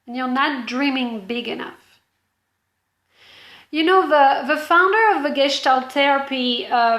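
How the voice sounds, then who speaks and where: High-voiced woman coach in an echoey room. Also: fairly bright tone. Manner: earnest and explanatory, addressing the viewer directly. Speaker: business coach. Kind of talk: motivational coaching talk to camera.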